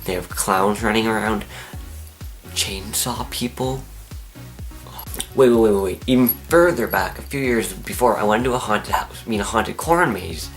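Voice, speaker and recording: A teenage young man, telling a story to camera in an excitable, animated way. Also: fairly low pitch, moderate pace, faint music behind. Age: teens. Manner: excitable, animated, acts out his own screams and whispers. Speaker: vlogger.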